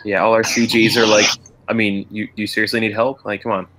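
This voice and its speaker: A man's voice: on the low side, a little fast, background noise. A man who was in the cast, commenting casually on a stunt show video and joking. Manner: relaxed, joking.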